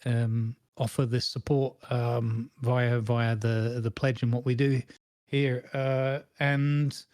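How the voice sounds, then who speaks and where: Casual male co-host, animated rambling anecdote, dry recording. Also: mid-range voice, slow pace, dry recording. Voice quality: rambling, animated storytelling with many restarts. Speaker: podcast co-host. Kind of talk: casual chat.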